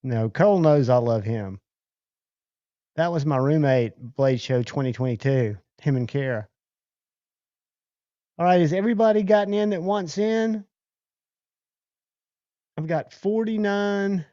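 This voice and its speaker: A man's voice: on the high side, lively intonation, measured pace, long pauses, dark tone, dry recording, highs cut off. A man hosting a casual livestream, chatting loosely and thanking viewers by name. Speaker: livestream host.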